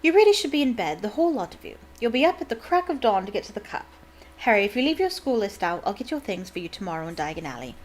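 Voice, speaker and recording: A woman's voice: mid-range voice, very animated, fast, lightly acted. A woman reading aloud voices a fussy, doting middle-aged witch mother who scolds her grown children. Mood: fussing.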